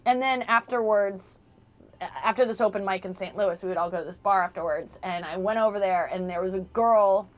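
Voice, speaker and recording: A woman in her twenties, a comedian telling a story in a casual interview, animated and often laughing. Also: medium pitch, a little fast. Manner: animated, laughing storyteller who acts out scenes. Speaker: stand-up comedian, interview guest.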